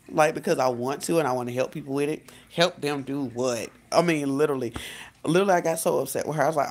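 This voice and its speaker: Chatty woman with a gravelly fry. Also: sits low, fast. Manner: chatty and animated, addressing viewers as "guys" and "y'all"; frequent "literally" and self-corrections. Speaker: life coach. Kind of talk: casual vlog storytelling.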